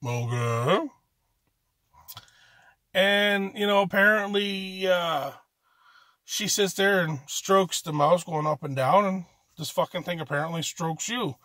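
A man's voice: high voice, takes it slowly, pauses often, bright, forceful tone, no echo. A man from Canada doing an amateur stand-up comedy set, ranting profanely in a rambling way and restarting his sentences often.

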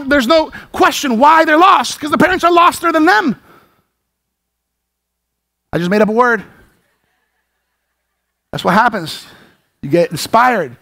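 High-voiced passionate male pastor. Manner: passionate, rising to shouts, repeats words when excited. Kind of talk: sermon. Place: church sanctuary.

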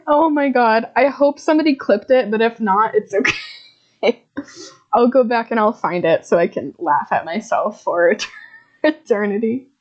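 A woman's voice: on the high side, a little mellow, highs cut off. A woman streaming a horror game, swearing and laughing at her own scares as she comments. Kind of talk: live gameplay commentary.

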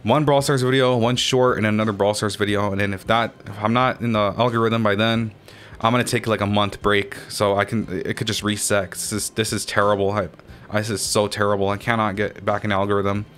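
A man's voice: fairly low pitch, level tone, fairly quick, fairly bright tone, slight background noise. A man doing gameplay commentary as a channel host, ranting and swearing in frustration at his teammates.

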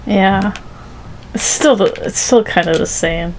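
A woman's voice: medium pitch, measured pace, slight background noise, rough recording. A woman chatting casually while playing a video game, laughing often mid-sentence. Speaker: gamer streaming with a friend. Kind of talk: casual gaming chat.

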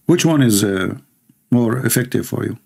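A man's voice: on the low side, lively intonation, normal speed, gravelly, darkish tone, slightly rough. A man hosting a livestream, reading viewer comments aloud and mocking them with sarcastic asides and laughter.

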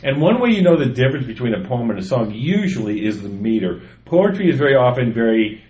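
A man's voice: medium pitch, big pitch swings, fast, a little mellow, highs cut off. A man on a podcast, chatting casually and reading his own poems aloud. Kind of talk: casual chat.

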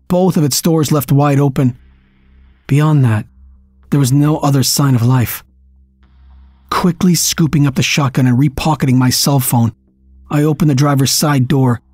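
A man narrating a first-person story in a steady, tense storytelling manner. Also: medium pitch, dry recording. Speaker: audiobook narrator.

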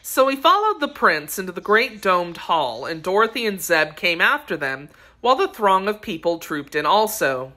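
A woman narrating a children's storybook aloud in a clear, even storytelling manner. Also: medium pitch, moderate pace, few pauses. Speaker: audiobook narrator.

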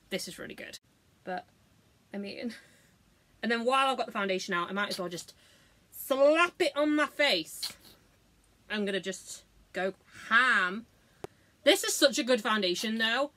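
A woman talks through her makeup routine in a loose, sweary way. She giggles and teases herself as she goes. Her voice is bright and sits fairly high. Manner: sweary, giggly, self-mocking. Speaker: beauty vlogger. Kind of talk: casual makeup tutorial chat.

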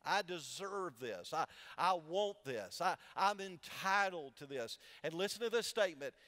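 A man's voice: high voice, expressive, unhurried, pushed and bright. A male pastor preaching a sermon in a large church with a balcony. He uses call-and-response, posing questions for the congregation to answer back. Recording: long church hall reverb.

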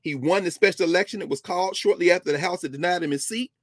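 Man, history lecturer, husky voice, emphatic storytelling, casual asides, dry close sound. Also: high-pitched, fast, no echo. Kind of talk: history lecture on a talk show.

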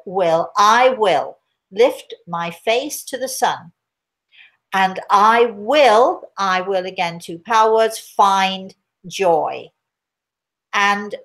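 A middle-aged spiritual teacher addresses viewers live in a medium-pitched voice. She speaks slowly and deliberately, repeating key words for emphasis.

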